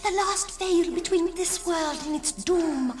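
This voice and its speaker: An actress playing a brave young woman guiding her companion in a radio drama, speaking urgently and in hushed tones. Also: very high voice, slow. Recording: distant mic with music under.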